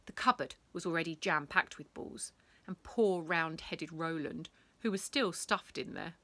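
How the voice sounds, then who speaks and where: A woman reading a bedtime story, animated, acting out sound effects and dropping to whispers. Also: on the low side, a little slow, no room sound.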